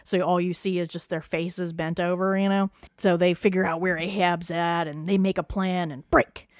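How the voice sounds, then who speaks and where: A woman's voice: on the low side, normal speed, no room sound, clean studio sound. A woman co-hosting a casual podcast, recapping a TV episode with laughs, swearing and acted-out lines. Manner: animated, laughing, swearing, acting out scenes. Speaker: podcast co-host.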